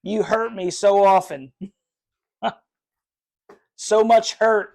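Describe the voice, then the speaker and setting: A man's voice: sits high, drawn-out words, gravelly, a little mellow. A man from North Carolina hosting a live sports reaction stream from his room, rambling with many fillers and sounding frustrated with his team. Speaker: fan livestream host.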